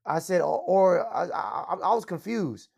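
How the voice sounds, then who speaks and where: On a livestream talk show, the male host delivers a loud, foul-mouthed, bragging tirade. He has a high-pitched, expressive voice, creaky in texture, and takes his time speaking.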